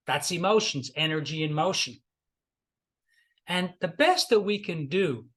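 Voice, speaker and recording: A man's voice: on the high side, fairly bright tone. A middle-aged man, a life coach, giving a motivational talk and retelling client stories, repeating key lines for emphasis.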